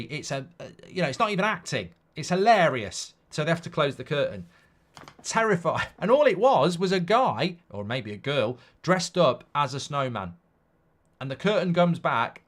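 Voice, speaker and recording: A man hosting a football watchalong stream. He chats casually, reads viewer comments aloud and rambles through stories in a blunt way, swinging between loud outbursts and low mutters. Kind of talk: live-stream casual chat.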